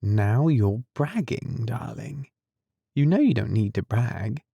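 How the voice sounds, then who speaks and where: A man voicing a tender, devoted young nurse in an audiobook, soft and coaxing. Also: medium pitch, very animated, slow, gravelly, slightly rough, dry recording, heavily acted. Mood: teasing. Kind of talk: audiobook character reading.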